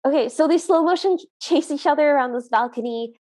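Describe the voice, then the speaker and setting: A woman co-hosting a podcast, retelling a movie's plot in lively casual chat and acting out the lines. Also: sits high, brisk. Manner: animated, laughing, recaps scenes and acts out the lines. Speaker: podcast co-host.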